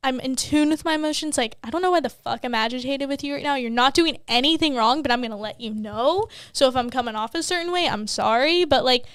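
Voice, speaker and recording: A woman's voice: high voice, fast talker, hardly any pauses, fairly bright tone, clear, resonant tone, no room sound, studio quality. A young adult woman co-hosting a podcast from home, chatting candidly and laughing often, with frequent swearing. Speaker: podcast co-host. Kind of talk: casual chat. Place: at home, children heard downstairs.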